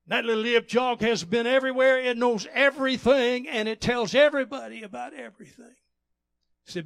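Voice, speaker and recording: A man's voice: very high-pitched, steady tone, a little fast, creaky. A male evangelist preaching a sermon, starting almost every phrase with "uh" and building to fervent peaks. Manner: punctuates nearly every phrase with "uh", rising to fervent shouts.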